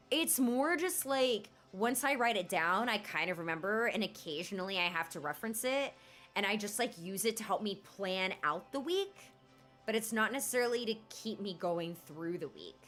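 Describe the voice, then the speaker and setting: A woman's voice: mid-range voice, animated, moderate pace, a bit bright, faint music behind. Bubbly young woman chatting on stream. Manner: bubbly, chatty, many fillers and laughs. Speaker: livestream host. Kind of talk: casual chat while gaming.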